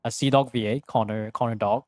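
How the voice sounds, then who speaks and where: A young man streams a game from his room, chatting casually and rambling through jokes while swearing freely and laughing often. His medium-pitched voice is steady, brisk, and a little mellow, captured in clean studio sound with no echo.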